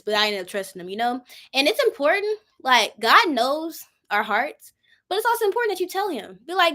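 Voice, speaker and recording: A young woman in her twenties leads a Bible study in an easy, conversational way. Her voice sits a bit high, and she drops into acting out her own prayers as she explains. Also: big pitch swings, normal speed, pushed and bright. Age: 20s. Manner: chatty and informal, acts out her own prayers. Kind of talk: casual Bible study teaching.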